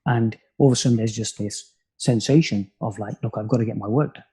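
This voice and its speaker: A man from the United Kingdom, a spiritual teacher, talking in a calm, musing way as a podcast guest, with many "you know" asides. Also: on the low side, brisk, breathy edge. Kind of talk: reflective conversational podcast talk.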